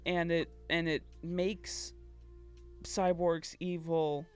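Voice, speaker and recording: A woman's voice: on the low side, level tone, drawn-out words, smooth, faint music behind. A woman co-hosting a podcast, recapping a game story in casual chat, acting out the characters' lines and laughing often. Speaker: podcast co-host.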